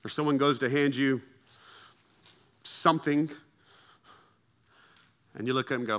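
A man's voice: mid-range voice, measured pace, pauses often, a bit bright. A male pastor preaching a sermon in a conversational way, acting out the voices of friends and coworkers to make his point. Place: church service with congregation.

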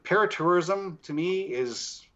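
A man's voice: high voice, unhurried. Man telling ghost stories, lo-fi sound. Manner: animated anecdotes with acted quotes, laughs often. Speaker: paranormal investigator guest. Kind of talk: casual storytelling.

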